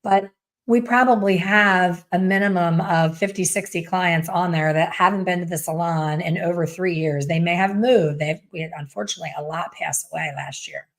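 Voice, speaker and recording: Middle-aged woman, salon owner, talking shop with other stylists; slightly low, candid, chatty. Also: fairly even intonation, normal speed. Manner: chatty and candid, acting out quoted voices. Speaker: salon owner and hair color educator. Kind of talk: casual coaching talk.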